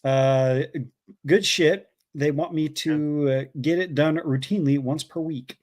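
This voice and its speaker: A man's voice: on the high side, unhurried, a little mellow. A man co-hosting a casual livestream, reading out viewer messages with frequent fillers and chuckles. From Canada. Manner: reads donor messages aloud with fillers and laughs. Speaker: co-host reading super chats.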